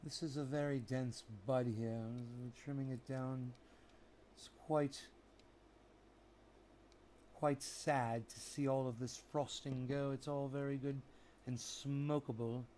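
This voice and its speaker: A man's voice: medium pitch, steady tone, takes it slowly, pauses often, darkish tone, a little hiss or hum. A man casually narrating a vlog while trimming plants, theatrical and teasing as he bickers with someone off camera.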